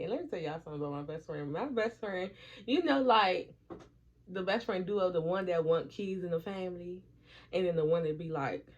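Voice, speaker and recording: In dull lo-fi audio, a woman with a lowish voice tells a story briskly on her vlog as she does her hair at home. She swears openly and animatedly plays out what her friends said in this casual chat.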